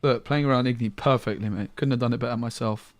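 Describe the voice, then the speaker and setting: A man's voice: medium pitch, fairly even intonation, fast talker. A man streaming a card game, giving casual commentary full of jokey banter with viewers and muttered asides.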